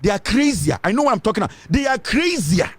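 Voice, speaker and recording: Ghanaian guy ranting politics, high voice swinging all over, dry close sound. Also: big pitch swings, fast talker, fairly bright tone, breathy edge, no echo. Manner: fiery, emphatic, repeats points, mixes English with Twi. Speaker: political commentator. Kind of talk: impassioned political commentary.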